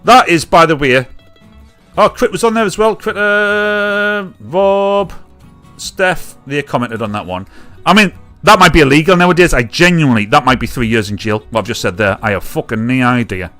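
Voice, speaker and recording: A British man hosting a live comedy stream, ranting casually with jokes and loud mimicked honks. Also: mid-range voice, lively intonation, fairly quick, soft background music. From United Kingdom. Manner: chatty, jokey, mimics catcallers with loud honks and whoops. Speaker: livestream comedy show host.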